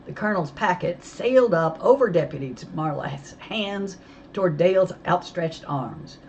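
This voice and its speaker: A woman with a low voice reads a children's novel aloud, telling the story in a lively way. The recording is slightly dull with a faint hiss underneath. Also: normal speed. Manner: lively storytelling, voicing characters. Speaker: audiobook reader.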